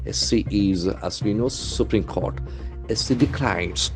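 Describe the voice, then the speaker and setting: A man's voice: on the low side, measured pace, over music. Man spelling out words. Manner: spells words letter by letter and repeats them. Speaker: English trainer. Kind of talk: newspaper vocabulary lesson.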